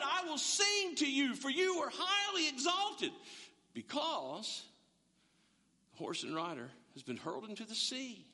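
A middle-aged man preaching a sermon in a lively, conversational way, often restarting his sentences. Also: sits high. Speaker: pastor. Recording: reverberant church hall.

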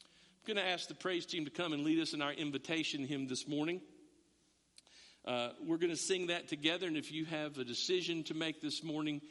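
A middle-aged man preaching a sermon as a pastor, animated, acting out voices and often restarting his words. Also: a little high, brisk. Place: church sanctuary. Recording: long reverb of a church hall.

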